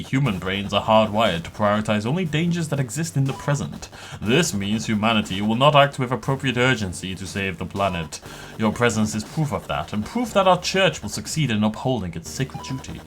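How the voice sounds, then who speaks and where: A man's voice: medium pitch, expressive, a little fast, natural voice. A man voicing the solemn male leader of a lizard-worshipping church, speaking in a grave, formal, sermonizing way.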